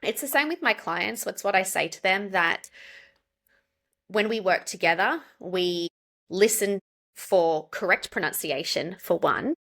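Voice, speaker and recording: A woman's voice: medium pitch, animated, unhurried, a bit bright. A woman with an Australian accent, a pronunciation coach, chatting in an interview and spelling out examples. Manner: explains with spelled-out examples and laughs. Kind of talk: casual interview chat.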